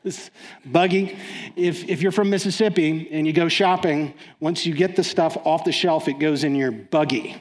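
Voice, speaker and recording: A man's voice: fairly high pitch, steady tone, moderate pace. A man filling in as guest speaker, giving a casual, joking sermon to a live audience, full of fillers and restarts.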